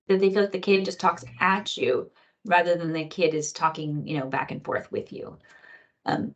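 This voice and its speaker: Chatty woman giving a training lecture. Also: fairly low pitch. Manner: conversational, lots of fillers and acted quotes. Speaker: physician trainer.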